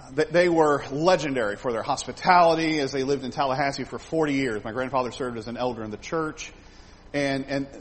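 A middle-aged man preaching a sermon, emphatic, swelling louder on key phrases and repeating words. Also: mid-range voice, slight background noise, poor audio.

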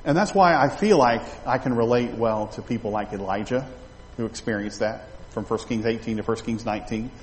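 A man with a mid-range voice preaches a fairly quick expository sermon from a church sanctuary. His conversational style includes restarts and asides to the congregation, and the recording has an echoey hall sound with faint ambience and slight background noise.

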